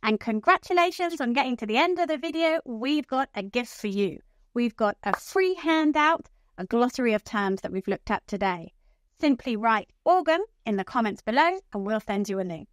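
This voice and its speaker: A woman teaching medical English pronunciation, speaking slowly and enunciating each term clearly. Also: a little high, expressive, no echo, clean studio sound. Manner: slow, clearly enunciated, instructive. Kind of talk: pronunciation lesson.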